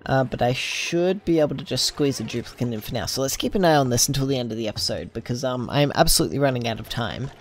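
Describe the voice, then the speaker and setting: A man's voice: mid-range voice, quick pace, few pauses, a little hiss or hum. A man giving casual gameplay commentary, thinking aloud with lots of ums and side tangents. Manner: rambling, thinking aloud with many fillers. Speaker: gameplay video host.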